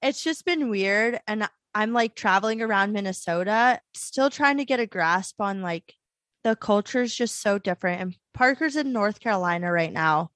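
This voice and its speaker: A woman in her twenties from the US South, hosting a podcast and telling stories in animated, laughing, profane casual chat. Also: mid-range voice, moderate pace, no room sound, faint music behind. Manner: animated, swearing, laughing storyteller. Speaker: podcast host.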